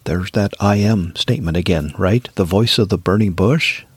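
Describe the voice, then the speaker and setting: A man's voice: sits low, normal speed, husky, no room sound. A man hosting a devotional podcast, earnestly reading and explaining Bible verses. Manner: earnest, reading scripture aloud with emphasis. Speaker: podcast host.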